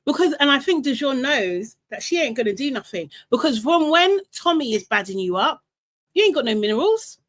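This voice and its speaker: A young woman hosts a casual live recap stream, chatty and animated, laughing often and reading out comments from the chat. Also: sits high, brisk. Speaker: live show host.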